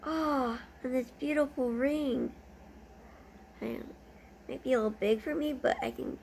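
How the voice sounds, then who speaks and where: Woman vlogger, gushing unboxing chat, high pitch with a gravelly edge. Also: moderate pace, darkish tone, slight background noise. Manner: gushing, easily delighted.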